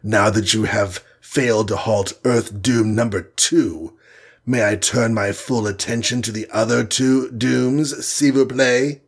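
A man plays a smug, gloating male supervillain from a storybook, mocking his foes and slipping in French phrases. The voice sits low and husky, with an unhurried, pleased-with-itself delivery. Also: steady tone.

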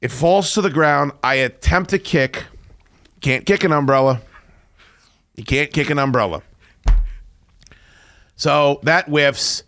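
A man's voice: medium pitch, a bit bright, no echo, studio quality. A man in his forties hosting a radio show, telling a story in a profane, self-mocking rant. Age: 40s. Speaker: radio host. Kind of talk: casual on-air storytelling.

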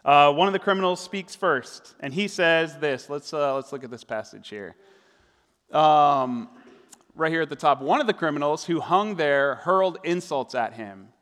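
A man's voice: on the high side, normal speed, fairly bright tone. Conversational man preaching in a reverberant hall. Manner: conversational, with fillers and tag questions. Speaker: pastor. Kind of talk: sermon.

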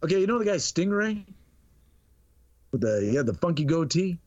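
A middle-aged man telling a story on a podcast, casual and animated, acting out the dialogue and laughing often. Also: a little high, normal speed, dry recording, highs cut off. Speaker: podcast guest.

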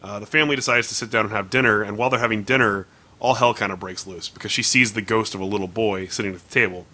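A man's voice: lowish voice, fairly even intonation, quick pace, sharp tone. A man hosting a casual comics podcast, recapping stories at length in an upbeat way. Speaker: podcast host.

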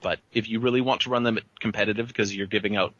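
A man's voice: fairly low pitch, steady tone, fast, a bit bright, dry recording, highs cut off. A man appearing as a guest on a podcast, explaining rules with a dry, sarcastic edge. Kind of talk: casual panel chat.

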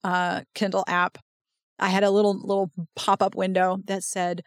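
A woman's voice: medium pitch, little pitch movement, normal speed, smooth, no room sound, studio quality. A woman hosting a podcast, recapping a romance novel in casual chat with playful, dramatic readings. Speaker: podcast host.

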